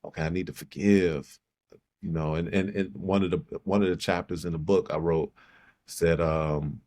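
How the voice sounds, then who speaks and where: A middle-aged man from Chicago, a poet and podcast guest, tells a personal story in a reflective, halting way and repeats phrases for emphasis. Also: deep voice, fairly even intonation, a little mellow.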